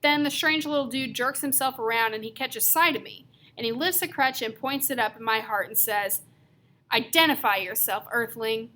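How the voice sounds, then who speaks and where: A woman's voice: sits high, a little fast, few pauses, pushed and bright. A woman narrating an audiobook in the first person, telling the story in a casual, slangy way as a teenage boy.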